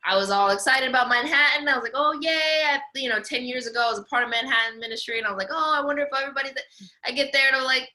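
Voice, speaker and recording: Very bright-voiced woman host. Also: high-pitched, very fast. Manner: animated storyteller, acts out quotes. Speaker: podcast host. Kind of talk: casual storytelling chat.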